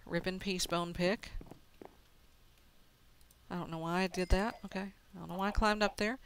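A woman's voice: on the low side, fairly even intonation, normal speed, pauses often, a little hiss or hum. A woman casually commenting on her own gameplay, talking to herself and laughing at her mistakes. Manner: chatty, self-narrating, laughs at mistakes. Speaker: let's play gamer.

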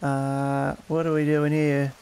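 High-voiced excitable man on a game stream. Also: slow pace, crowd noise. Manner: excitable, cheering, stammering restarts. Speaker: co-host of a gaming stream. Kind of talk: casual gaming banter.

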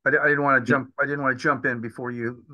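A man with a sharply bright, tense voice asks questions as a committee member on a video call. He speaks haltingly, searching for words, and his sound is dry and close with no room echo. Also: medium pitch, flat delivery. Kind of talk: remote committee meeting discussion.

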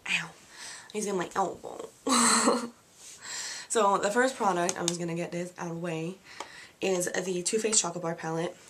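A woman's voice: on the low side, slight background noise. A woman giving a casual, bubbly beauty product review at home, chatting with lots of "like" fillers. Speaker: beauty vlogger. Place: at home, seated with products in front of her.

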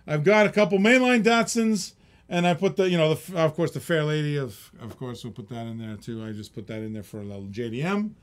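A middle-aged man with a slightly high voice hosts a casual live-stream auction. He rambles loosely, chuckles often and reads out the bids as they come in. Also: animated, a little fast.

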